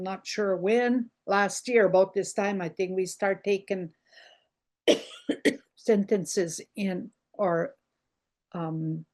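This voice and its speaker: An older woman teaching a language lesson over a video call, slow and patient, repeating words for her learners. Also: medium pitch, a little mellow.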